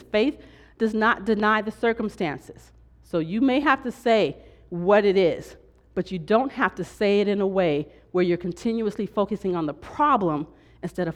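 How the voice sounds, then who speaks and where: Brief: woman pastor teaching, animated, mimics complainers, mid-pitched voice. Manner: lively, acts out complaining voices, frequent "right?" and "okay?". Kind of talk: church teaching with slides.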